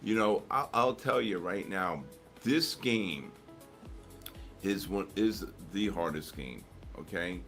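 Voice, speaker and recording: A man's voice: low-pitched, slow pace, a bit bright, faint music behind. A middle-aged man trading live on a stream, chatting casually and rambling through stories with lots of fillers and restarts. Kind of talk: casual chat.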